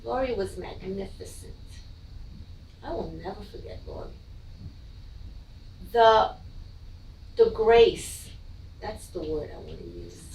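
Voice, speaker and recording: A middle-aged woman, a mother, gives an emotional, halting personal account of her child's death, often repeating her words. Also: mid-range voice, wildly swooping pitch, darkish tone, a little hiss or hum. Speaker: bereaved mother telling her story. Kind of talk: personal testimony. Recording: echoey room, from a distance.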